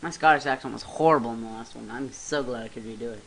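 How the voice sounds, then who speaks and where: A man's voice: mid-range voice, fast talker, gravelly, a bit bright, rough recording. A man casually commenting on a video game he is playing, in a self-mocking way. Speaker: let's play host.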